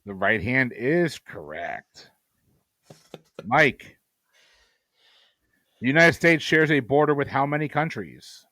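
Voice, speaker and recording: A man in a middle pitch reads trivia questions and confirms answers. His humor is dry and teasing. The recording is dry and close, with no room echo. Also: expressive, takes it slowly, pauses often, pushed and bright. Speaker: trivia quizmaster. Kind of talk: reading trivia questions, joking.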